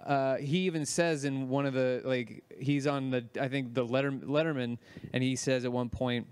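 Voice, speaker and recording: A man's voice: mid-range voice, little pitch movement, normal speed, a little mellow, clean tone. A man co-hosting a comedy podcast, trading teasing wisecracks in casual banter. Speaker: podcast co-host.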